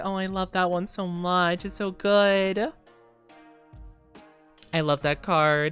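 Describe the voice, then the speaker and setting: A woman's voice: lowish voice, fairly even intonation, takes it slowly, pauses often, a bit bright, soft background music. A tired woman streamer rambling and giggling in casual chat, greeting viewers as she goes.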